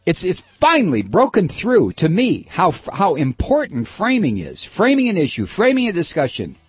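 A middle-aged talk radio host delivers a heated political monologue with frequent restarts. His somewhat high, lively voice has a husky edge. The audio is dry and dull, like lo-fi radio. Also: moderate pace, dry recording. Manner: impassioned, emphatic, many restarts.

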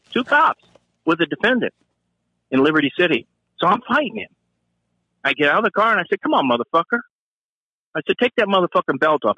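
A man, a former police officer and Marine, telling a profane story in an animated way and acting out the voices he quotes. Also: husky, no echo, muffled recording. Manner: profane, acts out quoted voices with sharp pitch jumps.

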